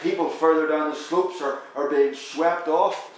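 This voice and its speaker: A man delivers a sermon as a vivid story told in the second person. His voice sits somewhat high, and he builds tension and slows down to stress key moments. The sound carries a noticeable room echo. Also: fairly even intonation, slight background noise.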